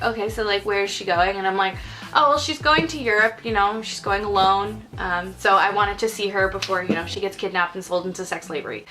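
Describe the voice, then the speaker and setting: A woman with a bright, clear voice telling work stories in a casual chat, wry and joking. Faint music plays underneath. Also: mid-range voice. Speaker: podcast co-host.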